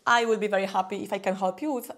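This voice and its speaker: A woman's voice: mid-range voice, very fast. A woman with a Polish accent, a knitwear designer talking casually to her viewers, chatty and a little self-deprecating. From Poland. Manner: chatty, self-deprecating, with small laughs and restarts. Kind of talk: casual tutorial talk to camera.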